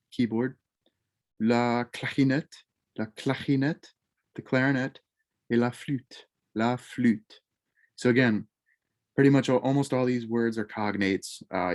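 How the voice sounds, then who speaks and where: A man's voice: medium pitch, a little mellow. A man in a mid-range voice leads a casual French club lesson. He says each French word twice and then glosses it in English. His delivery is loose, with fillers and small self-corrections along the way.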